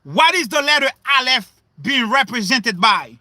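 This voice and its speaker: A man preaching in a livestream sermon, questioning his listeners, repeating himself and breaking into shouts. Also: very high-pitched, sing-song, normal speed, dry recording.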